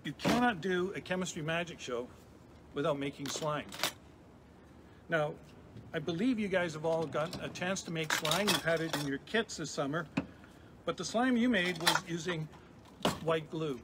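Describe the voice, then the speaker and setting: A middle-aged man, a chemistry professor, giving a lively, chatty live science demonstration for kids with frequent restarts. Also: a little high, normal speed, long pauses. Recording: noisy background hiss.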